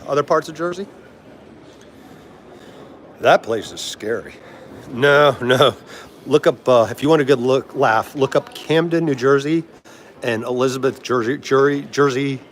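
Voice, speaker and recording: A middle-aged man with a Washington, DC accent hosts a livestream, talking casually and rambling, laughing a lot and responding to viewer comments. His voice sits at a medium pitch, with a little background noise.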